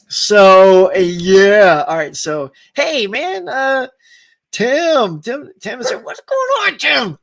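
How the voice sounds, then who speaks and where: A man with a high voice hosts a casual live stream. He laughs a lot, reads viewers' comments aloud and greets each viewer by name in a friendly, upbeat way. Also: a bit bright. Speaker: host of a live stream show.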